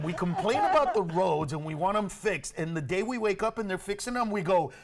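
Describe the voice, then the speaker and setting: A man who is a stand-up comedian, chatting as a guest on a TV talk show, animated and laughing often. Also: high voice, brisk, hardly any pauses, over loud music. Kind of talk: casual TV chat. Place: TV studio.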